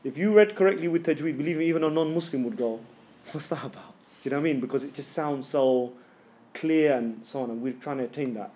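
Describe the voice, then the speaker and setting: A man teaching a tajweed class, joking with students and loudly demonstrating sounds. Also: a little high, fast talker. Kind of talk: classroom lesson.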